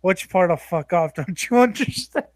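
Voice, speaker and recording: A young man co-hosting a podcast, bantering crudely, profane and teasing, quick to laugh. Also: sits high, lively intonation, dry recording. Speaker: podcast co-host.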